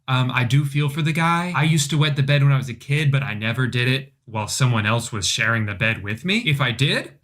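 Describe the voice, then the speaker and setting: A man narrating comedic commentary on a reality show, sarcastic and deadpan, swearing casually. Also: medium pitch, brisk, few pauses. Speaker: video commentator.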